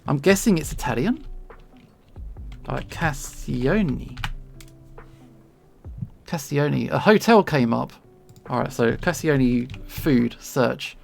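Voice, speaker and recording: London-accented streamer, casual and self-deprecating, gravelly fry, soft music underneath. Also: medium pitch, normal speed. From England. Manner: chatty, rambling, self-deprecating, laughs often. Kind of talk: casual chat while drawing. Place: home streaming setup.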